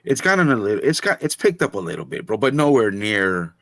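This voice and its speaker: A man's voice: fairly low pitch, big pitch swings, a little fast, gravelly, fairly bright tone, no echo, clean studio sound. A man in a casual podcast chat, laid-back, calling people bro and dude. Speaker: podcast co-host.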